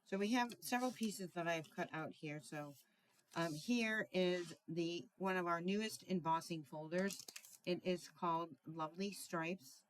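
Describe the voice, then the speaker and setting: Chatty woman with a lowish voice. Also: unhurried, a little hiss or hum. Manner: chatty, searching for words, frequent ums and throat clearing. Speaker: craft tutorial host. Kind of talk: casual card-making tutorial.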